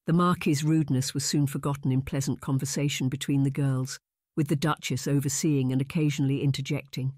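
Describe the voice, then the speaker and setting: An audiobook narrator giving an even, unhurried scripted reading. The sound is close and dry, with no room around it. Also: mid-range voice, no room sound.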